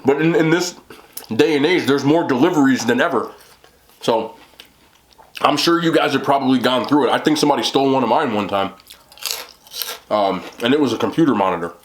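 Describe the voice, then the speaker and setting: A man's voice: mid-range voice, brisk, pauses often, slight background noise. A man hosting an eating show, rambling casually with lots of "like" and "you know". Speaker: mukbang host. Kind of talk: casual chat while eating.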